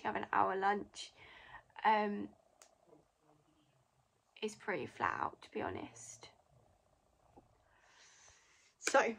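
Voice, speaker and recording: A woman's voice: medium pitch, vocal fry, a bit bright. A young woman, a degree apprentice, chatting through a casual Q&A vlog and filling her talk with "like" and "literally"; she says she is losing her voice. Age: young adult. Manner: chatty, heavy filler words like "like" and "literally".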